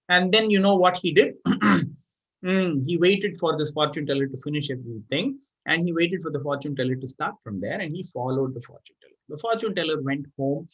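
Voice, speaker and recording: A man with an Indian English accent telling a moral story to children on a live stream, chatty and lively with frequent restarts. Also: fairly high pitch, lo-fi sound. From Tamil Nadu, India.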